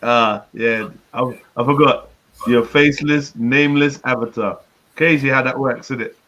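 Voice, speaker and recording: A man's voice: mid-range voice, steady tone, moderate pace, pushed and bright. A man hosting a livestream, chatting casually, teasing and swearing as he laughs with a friend. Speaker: livestream host. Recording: dull lo-fi stream audio.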